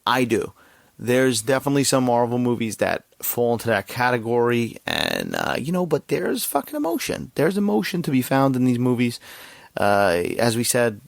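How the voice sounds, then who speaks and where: A man's voice: medium pitch, normal speed, creaky, dry recording, studio quality. A man hosting a podcast, talking casually and emotionally about a movie he watched, swearing often and getting worked up. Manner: excited, emotional, swears a lot. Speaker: podcast host. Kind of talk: casual movie review chat.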